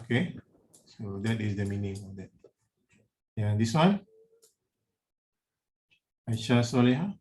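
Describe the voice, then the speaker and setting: A man's voice: on the low side, expressive, unhurried, long pauses, darkish tone. A man with a Malaysian English accent teaching an engineering class online, explaining step by step and calling on students by name. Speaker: engineering lecturer.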